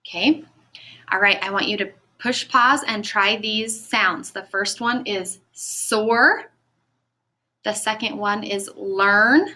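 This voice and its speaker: A woman teaching a recorded phonics lesson to children, speaking clearly and encouragingly and stretching out the sounds of words. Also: medium pitch, bright, forceful tone. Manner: slow, clear, encouraging classroom delivery.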